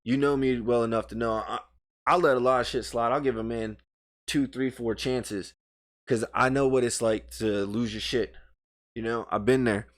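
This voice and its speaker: A man's voice: medium pitch, moderate pace. Heated, swearing podcast co-host man. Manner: heated, profane, animated storytelling; gestures with his hands while talking. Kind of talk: casual podcast chat, storytelling rant. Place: podcast studio. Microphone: studio microphone.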